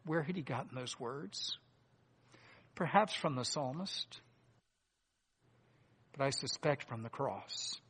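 A man delivers a sermon deliberately and earnestly, his medium-pitched, lively voice carrying a breathy edge as he swings between loud emphasis and hushed asides. A long hall reverb trails his words.

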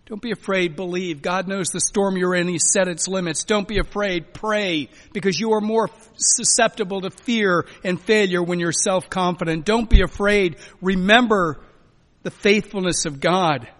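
A man preaching a sermon as a pastor, emphatic, swinging between loud urging and quiet, soft lines. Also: high voice, moderate pace. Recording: long hall reverb.

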